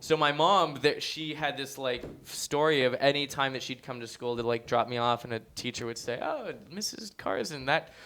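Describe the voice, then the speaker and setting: A young man chatting as a podcast guest, telling stories in a lively, animated way. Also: mid-range voice, moderate pace, few pauses, slight background noise. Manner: animated storyteller, acts out quotes. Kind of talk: casual interview chat.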